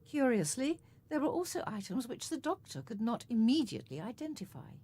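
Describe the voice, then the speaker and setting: A woman narrating an audio drama in a measured, expressive storytelling manner. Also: a little high, husky. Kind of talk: scripted narration.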